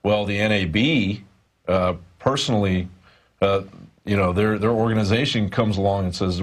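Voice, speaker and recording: On a studio news program, a reporter with a rather deep male voice speaks at length in a meandering way. Frequent pauses and filler words mark his hesitant delivery as he makes his points.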